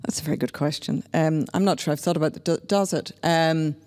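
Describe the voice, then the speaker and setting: A woman's voice: low-pitched, fairly even intonation, fairly quick, darkish tone. Candid woman speaking in a hall. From Northern Ireland. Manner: reflective, candid, wry. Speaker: panelist. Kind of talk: panel discussion. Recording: long reverb of a hall.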